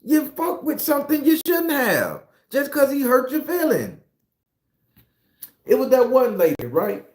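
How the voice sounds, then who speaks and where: A man, a tarot reader, ranting in a casual monologue in a profane, animated, preachy way. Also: extremely high pitch, a little slow, roomy sound.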